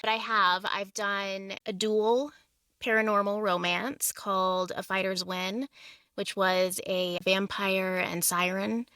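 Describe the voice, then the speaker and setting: A woman's voice: mid-range voice, flat delivery, takes it slowly, sharp tone, smooth, no room sound. A woman audiobook narrator talking as a podcast guest in a frank, upbeat, encouraging way. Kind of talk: candid interview talk.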